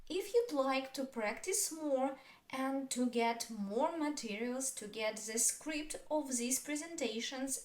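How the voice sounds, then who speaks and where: A woman with a Russian accent teaching a language lesson, repeating each word slowly and stressing its syllables. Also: sits high. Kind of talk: slow, drawn-out language lesson. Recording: roomy echo.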